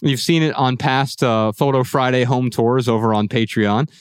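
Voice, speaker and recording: A man hosting a podcast, explaining ideas in a steady, practical, conversational way. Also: medium pitch, normal speed, clear, resonant tone, dry recording. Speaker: podcast host. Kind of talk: casual podcast discussion.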